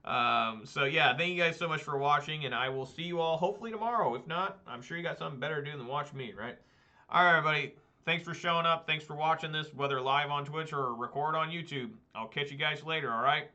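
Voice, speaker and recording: Rambling male game streamer, bright voice. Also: a little high, quick pace. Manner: rambling, frank, grumbling with fillers. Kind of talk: casual outro chat while gaming. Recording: slightly dull lo-fi stream audio.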